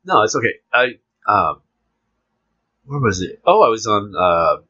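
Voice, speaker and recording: A man on a podcast tells a meandering story with fillers and restarts. His voice is husky and bright, and his pitch moves a lot. The sound is slightly lo-fi. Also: very animated, a little slow. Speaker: podcast co-host. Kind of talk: casual chat. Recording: lo-fi podcast recording.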